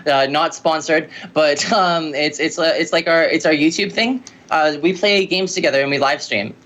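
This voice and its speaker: A woman musician telling stories in a casual interview, rambling and lively with lots of filler words. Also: low-pitched, a little slow, slight background noise. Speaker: musician guest.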